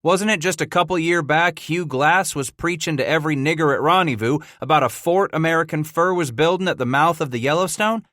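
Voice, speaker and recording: A man doing a gruff old mountain man. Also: fairly high pitch, brisk, few pauses, a bit bright, no echo, clean studio sound, pitched above the performer's own voice, close to an everyday voice. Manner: frontier drawl, worried and gruff.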